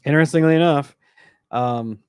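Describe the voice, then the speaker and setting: A man's voice: fairly high pitch, moderate pace, smooth, no echo, studio quality. A man, a podcast host, chatting casually with slang and frequent laughter, retelling a coworker's eerie story. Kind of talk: casual chat.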